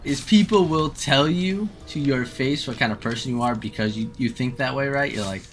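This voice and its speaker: A man in casual chat, animated and profane, acting out people as he tells stories. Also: medium pitch, normal speed, soft background music. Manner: animated, profane, acts out people mid-story.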